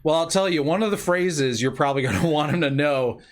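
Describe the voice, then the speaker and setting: A man's voice: on the high side, fairly quick. A man narrating as game master of a tabletop role-playing game, explaining rules in an easygoing way.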